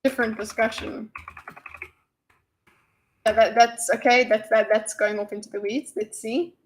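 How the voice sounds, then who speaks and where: A South African woman streams casual commentary on a debate. Her voice sits a bit high, and her delivery rambles, playful and quick to giggle. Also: steady tone, rough recording.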